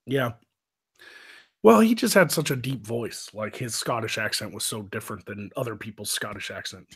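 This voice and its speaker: Speaking at a moderate pace, this fairly low-voiced man has lively intonation and a breathy edge. He's hosting a live stream, casually telling rambling, profane stories and laughing often.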